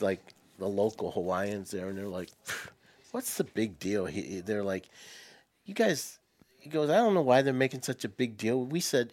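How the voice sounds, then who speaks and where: A man in a relaxed podcast chat tells a long vacation story. He rambles, repeats himself and acts out what people said to him. His voice sits at an ordinary middle pitch. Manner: rambling anecdote teller, restarts and quotes people. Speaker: podcast co-host. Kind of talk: casual chat.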